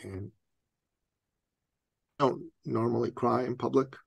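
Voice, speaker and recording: A man with a gravelly, creaky edge to his mid-pitched voice tells a personal story as a podcast guest. He is animated, often laughing and acting out the other people in his story. His voice sounds dry and close, with no room sound. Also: slow, dry recording.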